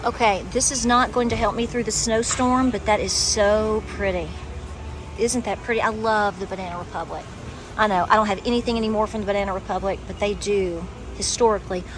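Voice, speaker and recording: A woman's voice: medium pitch, fairly even intonation, a little fast, music in the background. A woman with an East Tennessee Southern accent, chatting casually to her channel in a folksy way while filming on a handheld phone. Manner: folksy and chatty, calls people honey. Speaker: homestead channel host. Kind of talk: casual vlog chat. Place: inside a car, then a busy store. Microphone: handheld phone at arm's length.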